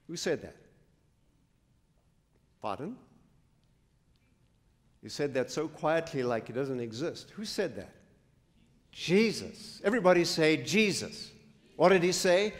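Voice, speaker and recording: Male pastor, slow deliberate delivery, slightly high voice, church reverb. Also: expressive. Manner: slow, emphatic preaching with call-and-response questions. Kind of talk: sermon. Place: church sanctuary. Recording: long church hall reverb.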